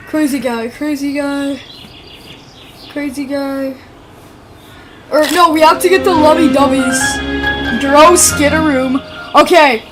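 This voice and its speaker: A young woman streaming a game, excitable, shrieking and mock-crying when things go wrong, then muttering low to herself. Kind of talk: live gaming stream commentary. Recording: game music loud behind the voice.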